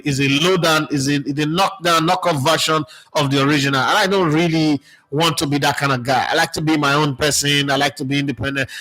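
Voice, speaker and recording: Nigerian man, sports broadcaster, casual monologue, slightly high voice. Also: poor audio. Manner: animated, reflective storytelling with pidgin phrases. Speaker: sports radio presenter.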